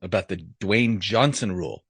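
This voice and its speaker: A man co-hosting a podcast, telling jokes in casual chat with a deadpan delivery and laughing at his own punchlines. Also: fairly low pitch, normal speed, slightly rough, no room sound. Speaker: podcast co-host.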